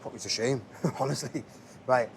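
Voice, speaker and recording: Chatty gym coach in a noisy gym. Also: male voice, medium pitch, moderate pace, gravelly. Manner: chatty, coaching, keeps checking in with "okay, lads?". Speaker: fitness instructor. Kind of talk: casual workout tutorial. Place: indoor gym.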